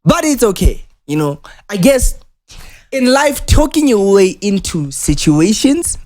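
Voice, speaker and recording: A man's voice: sits high, very animated, unhurried, a little mellow. A man co-hosting a casual wrestling podcast, insistently cross-examining and talking over his partner. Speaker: podcast co-host.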